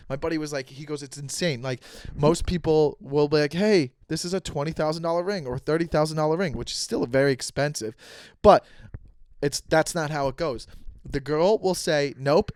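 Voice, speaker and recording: A man's voice: a little high, a little mellow, clear, resonant tone, no room sound, studio quality. A young man hosting his own podcast in a loose, chatty, slangy way, talking straight to his listeners. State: out of breath after dancing. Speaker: podcast host. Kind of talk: casual solo podcast talk.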